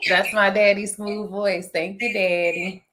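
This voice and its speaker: A woman hosting a casual chat, animated and talkative, laughing often. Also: mid-range voice, unhurried, very noisy. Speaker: vlog host.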